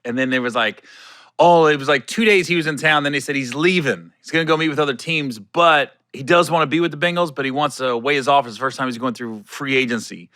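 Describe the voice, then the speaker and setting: A man's voice: mid-range voice, quick pace, no room sound. A man hosting a solo podcast, telling loose stories, laughing often and swearing casually. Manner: animated, laughs often, swears casually, slips into voices for quoted people. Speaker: podcast host.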